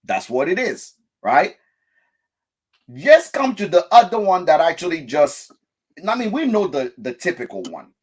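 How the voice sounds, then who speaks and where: A man from France hosting a casual talk show, telling stories and correcting pronunciation with animated energy. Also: a little high, measured pace, breathy edge. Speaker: podcast host. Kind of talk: casual chat.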